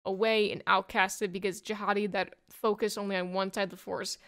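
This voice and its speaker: A woman's voice: mid-range voice, level tone, brisk, fairly bright tone, clean tone. A woman giving a casual, rambling plot summary of a comic, full of "like" and "you know". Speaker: comic book reviewer.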